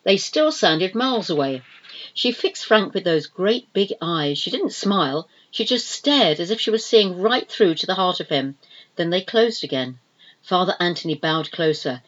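A woman reading a novel aloud in expressive, measured scripted narration. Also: on the low side, highs cut off. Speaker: audiobook narrator.

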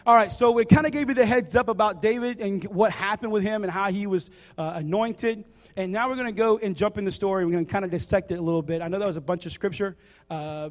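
Animated high-voiced man preaching in a hall. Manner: casual, joking, animated storytelling. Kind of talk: sermon. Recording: reverberant hall.

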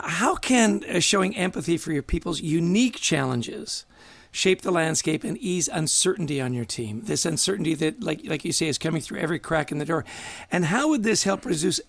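A man's voice: fairly high pitch, vocal fry, no room sound. A man hosting an interview who asks long, winding questions full of fillers like "you know". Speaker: interviewer host.

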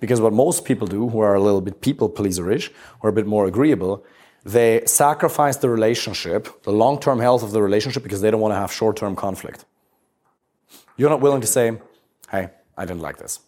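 Blunt, husky-voiced male coach. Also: lowish voice, a little fast. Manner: blunt, swears freely, lively emphatic delivery. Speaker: relationship coach. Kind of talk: talk to a live group.

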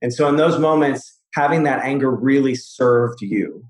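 A man therapist in casual conversation, explaining ideas at length through relaxed storytelling. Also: medium pitch, normal speed. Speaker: therapist, host. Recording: roomy echo.

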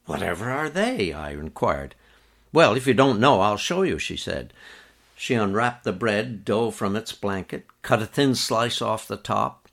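A man narrating a memoir in an even, measured storytelling manner. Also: lowish voice, gravelly. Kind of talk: reading a memoir aloud.

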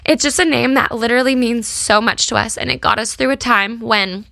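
A young American woman shares a personal story with her audience, sincere and visibly moved, on the edge of tears. Her voice is bright and forward. The recording is close and dry, with no room sound at all. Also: on the high side, a little fast, creaky, dry recording. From United States. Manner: earnest, emotional, talks to viewers directly. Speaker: small brand founder.

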